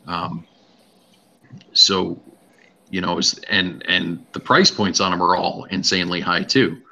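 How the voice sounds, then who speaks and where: A man co-hosting a gun podcast, talking casually with a joking, drawn-out delivery. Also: low voice, level tone, creaky, sharp tone. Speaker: podcast co-host. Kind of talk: casual chat.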